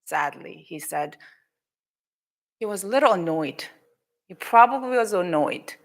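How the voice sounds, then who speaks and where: A woman with a Korean accent giving a children's sermon in a church, telling a Bible story in an animated way, acting out the people in it and switching between English and Korean. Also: fairly low pitch, unhurried, creaky. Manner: animated, acts out quoted lines. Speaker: pastor. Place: church sanctuary.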